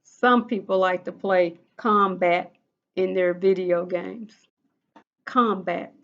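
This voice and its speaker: A woman teaching a recorded phonics lesson to first graders, slow and patient, repeating each rule in a drill. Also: lowish voice, steady tone, vocal fry, a bit bright, lo-fi sound.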